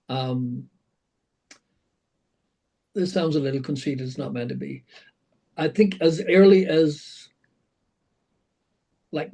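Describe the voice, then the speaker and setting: An older man, a rock singer being interviewed, telling animated stories, acting out quotes, swearing and laughing. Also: on the high side, low-quality recording. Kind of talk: storytelling interview.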